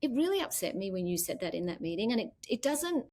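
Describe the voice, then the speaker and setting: As a guest in a casual interview, this middle-aged Australian business founder talks fast in a medium-pitched voice. She's an animated storyteller who acts out the dialogue she quotes.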